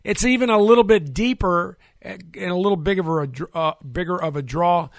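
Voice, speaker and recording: A middle-aged man hosting sports talk radio, rambling and joking loudly at a studio mic. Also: high-pitched, normal speed, creaky, no echo. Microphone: studio microphone.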